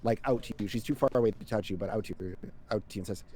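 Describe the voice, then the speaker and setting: A man's voice: on the low side, very fast. Casual male game master narrating. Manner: relaxed, casual, rambling narration.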